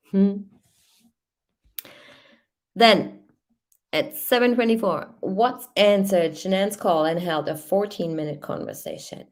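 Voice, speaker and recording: A woman hosting a true crime channel, reading a case timeline aloud and adding hesitant comments with many fillers. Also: mid-range voice.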